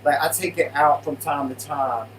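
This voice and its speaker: A man co-hosting a casual live stream from his living room, greeting viewers in an animated, playful way. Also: fairly high pitch, normal speed, far from the mic, background noise. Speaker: co-host of a live stream show.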